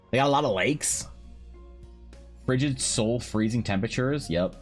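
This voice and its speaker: A man's voice: medium pitch, moderate pace, long pauses, faint music behind. A man streaming while painting, trading crude joking banter with his chat. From Canada. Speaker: art streamer. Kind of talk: casual livestream chat.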